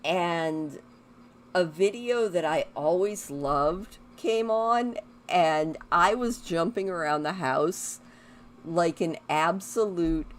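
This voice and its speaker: A woman giving casual, rambling commentary while playing a life-simulation game, chatting to her characters and drifting into talk about music. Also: low voice. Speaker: gaming YouTuber. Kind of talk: casual let's-play commentary.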